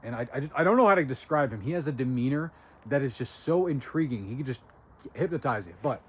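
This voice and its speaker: A man's voice: mid-range voice, expressive, quick pace, breathy edge. A young man hosting a self-help video, telling a story from his own working life in a chatty, self-mocking way. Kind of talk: casual storytelling to camera.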